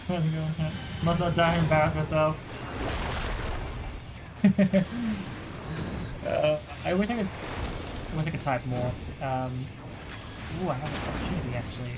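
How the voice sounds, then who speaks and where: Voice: mid-range voice, a little slow, pauses often, background noise. A streamer giving casual, chatty commentary over a game, laughing, swearing and reading game text aloud. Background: game music.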